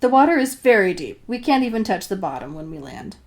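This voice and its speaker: A woman's voice: mid-range voice, sing-song, a little fast. A woman voicing a good-looking young man who reassures her kindly through a grin. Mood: amused. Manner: gentle, grinning reassurance.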